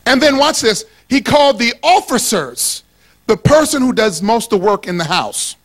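Preaching at normal speed, a pastor with a remarkably high voice gives a sermon to a church congregation. His playful, animated style invites call-and-response, and he rises to shouts at the key lines.

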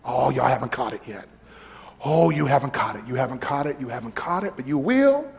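A man pastor preaching a sermon, teaching a congregation and calling out to them, his voice rising to shouts. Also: mid-range voice, big pitch swings, fairly quick, creaky, big-room sound. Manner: call-and-response preaching, swelling to shouts.

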